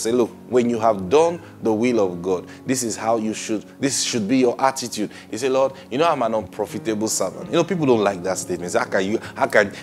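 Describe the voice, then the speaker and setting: A man preaching a sermon, emphatic, laughing often and acting out quoted people in a low muttering voice. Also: a bit bright.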